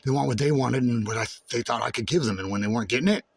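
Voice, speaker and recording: A man giving a raw personal monologue to camera, intense and full of swearing, dropping low and brooding, then rising to shouts. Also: rapid-fire, vocal fry, husky. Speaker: vlogger.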